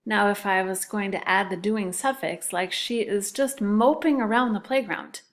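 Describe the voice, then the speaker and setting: A woman teaching a recorded phonics lesson to second graders, sounding words out syllable by syllable in a clear, deliberate way. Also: medium pitch.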